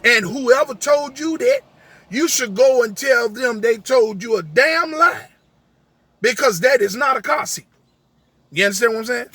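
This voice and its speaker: High, bright-voiced driver ranting. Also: male voice, animated, a little slow, breathy edge, no room sound. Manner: emphatic, retells arguments with many "I said" quotes. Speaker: rideshare driver. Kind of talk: storytelling rant to camera.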